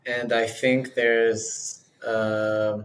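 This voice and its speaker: A man hosting a podcast, asking questions in a measured, slightly hesitant way. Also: mid-range voice, flat delivery. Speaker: podcast host. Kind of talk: interview questions. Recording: roomy echo.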